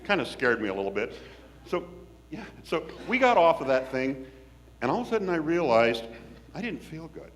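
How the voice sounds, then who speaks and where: Animated folksy storyteller, man. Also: a little high, normal speed, a little hiss or hum. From Washington State, US. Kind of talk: personal storytelling.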